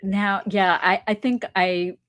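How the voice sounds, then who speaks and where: A woman in her sixties from New York, a stand-up comic telling dry, absurd stories slowly and softly in a casual podcast chat. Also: medium pitch, fairly even intonation, no room sound. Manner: dry, absurd storyteller, slow and soft delivery. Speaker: stand-up comedian guest.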